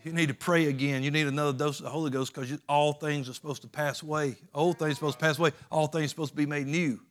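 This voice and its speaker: A man delivers a sermon in a folksy, emphatic way. His voice sits a bit higher than most men's, and his rural turns of phrase give the preaching a homespun punch. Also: steady tone, fast.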